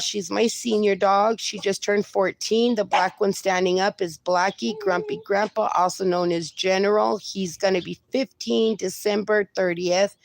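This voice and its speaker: A woman in her forties hosts a casual livestream, reading viewer comments aloud and answering them fondly with "my darling" and "my friend." Her voice sits at medium pitch, and there's no echo.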